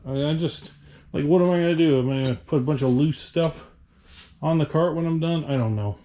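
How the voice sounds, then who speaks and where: A man's voice: fairly high pitch, a little fast, mellow. Tired, frustrated man ranting. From Nebraska. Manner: frustrated rant, rambling, sighs. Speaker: reseller vlogger. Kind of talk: venting vlog to camera. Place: storage unit.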